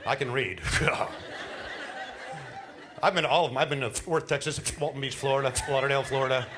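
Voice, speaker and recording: A middle-aged man doing a stand-up comedy set on a cruise ship, telling animated stories with laughs and put-on voices. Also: medium pitch, a little fast, crowd noise, background noise. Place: cruise ship show lounge.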